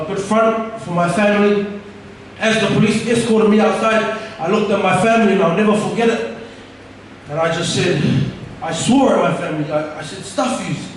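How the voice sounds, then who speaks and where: A man's voice: high voice, a little hiss or hum. A young man giving an earnest, candid personal testimony, often restarting his sentences. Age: young adult. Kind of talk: personal testimony told to an audience. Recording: echoey room, from far off the mic.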